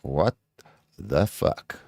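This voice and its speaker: A man's voice: low-pitched, animated, drawn-out words, vocal fry, a little mellow, dry recording. A man reacting to a clip in casual commentary, profane, sarcastic and combative.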